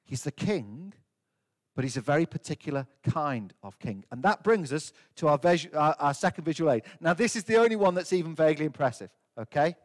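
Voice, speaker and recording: A light, high-voiced man giving a children's talk in church. He keeps it playful, firing questions at the young ones and teasing out their answers. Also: animated, a little fast. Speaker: priest leading a family service.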